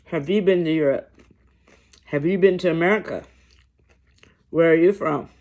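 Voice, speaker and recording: A man vlogging to camera over lunch, talking in a slow, reflective, halting way with long pauses. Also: a little high, darkish tone, highs cut off. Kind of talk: casual talk to camera while eating lunch.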